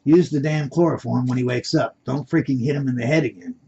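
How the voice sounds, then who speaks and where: Man playing a curt, bossy kidnapper, gravelly, lo-fi. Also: mid-range voice, a little fast, dark tone, a little hiss or hum, lightly acted. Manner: curt, giving orders. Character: bossy male kidnapper in black mask. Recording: dull lo-fi recording.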